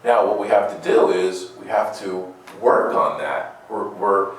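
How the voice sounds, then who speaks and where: A man preaching an unhurried, chatty homily, leaning on rhetorical questions and playful asides. His voice sits a little low. He is picked up from a distance in a large, heavily reverberant church. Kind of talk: conversational sermon. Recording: very echoey room, distant mic.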